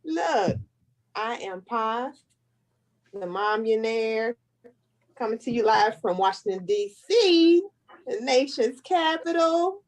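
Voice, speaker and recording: A woman hosting a money segment on a live stream. She speaks in a lively, slangy way, with hype-style intros. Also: fairly high pitch, slow pace, long pauses, low-quality recording. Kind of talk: casual live-stream chat.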